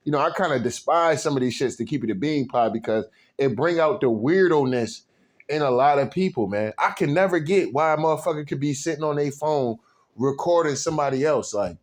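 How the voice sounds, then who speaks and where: Animated, profane man ranting. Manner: profane, animated ranting with constant slang fillers; loud indignant outbursts mixed with low muttered asides. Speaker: video commentator. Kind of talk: unscripted rant to camera.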